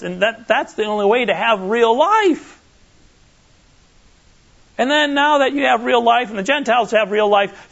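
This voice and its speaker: Animated high-voiced male preacher, muffled audio. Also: creaky. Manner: animated, emphatic, checks in with the audience. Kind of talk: conversational sermon teaching. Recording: muffled lo-fi recording.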